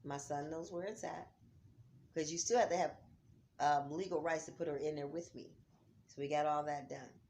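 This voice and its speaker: A middle-aged woman talking at home about grief, heartfelt, dropping to near-whispers and rising to loud urging. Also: sits low, fairly even intonation, moderate pace, a little hiss or hum. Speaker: vlogger. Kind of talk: emotional vlog talk. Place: home, on a couch.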